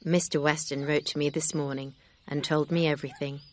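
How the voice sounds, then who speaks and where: A woman reading the part of a kind, sincere older gentleman in an audiobook. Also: deep voice, little pitch movement, fairly quick, lightly acted. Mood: earnest.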